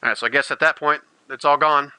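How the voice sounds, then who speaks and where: A man's voice: a little high, fairly even intonation, fast, pushed and bright, clean tone, no room sound, low-quality recording. A man narrating as game master of a tabletop role-playing game, describing what the characters do. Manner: describes actions, voices many characters.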